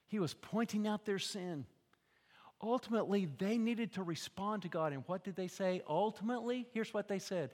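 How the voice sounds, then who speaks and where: Older guy preaching, high-ish voice, goes from hushed to shouting, big echoey hall. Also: normal speed. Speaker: pastor. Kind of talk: sermon.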